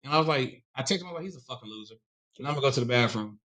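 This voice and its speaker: A man's voice: medium pitch, animated, very fast, bright, forceful tone. A man on a podcast telling a rambling, profane story in casual chat.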